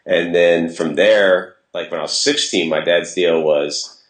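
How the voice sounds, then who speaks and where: A man's voice: sits low, steady tone, a little slow. A man in his forties telling rambling, self-deprecating stories as an interview guest. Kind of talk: casual storytelling interview. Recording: roomy echo.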